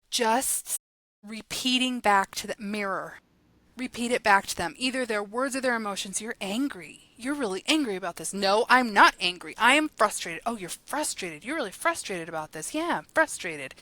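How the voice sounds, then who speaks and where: Bright, animated woman chatting fast. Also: medium pitch, dry recording. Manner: animated and fast-talking, with frequent laughs. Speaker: guest, guided journal creator and coach. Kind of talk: casual podcast conversation.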